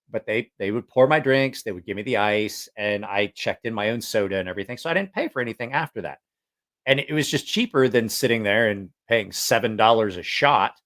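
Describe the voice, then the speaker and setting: A man in the middle of a loose, unscripted story, talking at an everyday pitch. He wanders through his sentences with fillers and restarts, and his humor is frank and self-mocking. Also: fairly bright tone. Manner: rambling and chatty, with frequent fillers and restarts. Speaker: vlogger. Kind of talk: casual storytelling monologue.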